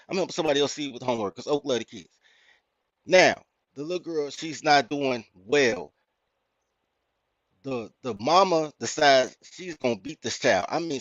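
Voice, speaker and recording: A man with a Chicago accent, hosting a podcast and telling a story in a blunt, profane, animated rant. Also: mid-range voice, no room sound. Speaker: podcast host. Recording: dry, muffled lo-fi audio.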